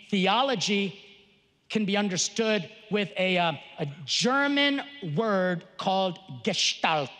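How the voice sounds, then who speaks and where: Animated high-voiced priest in a hall. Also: male voice. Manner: animated, joking, teaching tone. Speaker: Catholic priest and conference speaker. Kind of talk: lively conference talk. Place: large conference hall. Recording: long reverb of a large hall.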